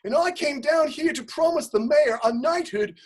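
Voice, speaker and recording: Woman doing a puffed-up english lord, high voice that swoops all over, indignant and huffy, posh put-on accent. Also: animated, normal speed, a little mellow. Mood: disgusted. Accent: put-on upper-class English. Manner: indignant, self-important, prone to outbursts. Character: pompous, blustering male aristocrat official. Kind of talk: comic stage reading. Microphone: home setup, remote quarantine recording.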